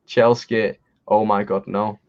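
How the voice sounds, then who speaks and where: Watching football on a casual livestream, this co-host talks slowly in a fairly low, flat voice. He's chatty and laughs a lot, rambling and restarting, over dull lo-fi stream audio.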